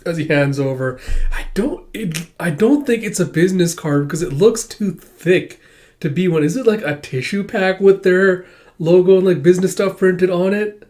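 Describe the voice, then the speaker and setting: A man's voice: high voice, moderate pace, a little mellow. A young man casually reading through a manga chapter and commenting on it, chatty and swearing freely.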